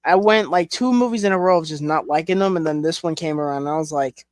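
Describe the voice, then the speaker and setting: A young man talks casually and loosely, rambling through fillers and blunt swearing. His voice sits a bit high for a man. The sound is close and dry. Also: quick pace, hardly any pauses, no room sound. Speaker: collection reviewer. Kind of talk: casual chat.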